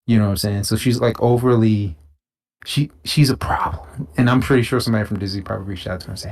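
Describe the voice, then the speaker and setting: A man with a fairly low voice talks through a gaming stream. He is relaxed and rambling, leans on slang and "like" fillers, and trades opinions with his co-host. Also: quick pace. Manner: laid-back, slangy, rambling with many fillers. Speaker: podcast co-host. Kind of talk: casual chat while gaming.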